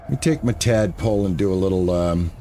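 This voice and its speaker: A man's voice: low voice, a little fast, dark tone, a little hiss or hum. An older man streaming a game, chatting casually and thinking aloud, often repeating himself. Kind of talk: casual gameplay commentary.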